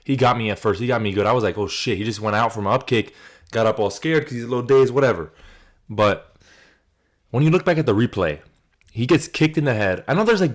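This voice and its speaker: A young man hosting his own channel, talking loosely about fight highlights in a casual, profane way with lots of "like" and restarts. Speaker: channel host. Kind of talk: casual commentary video.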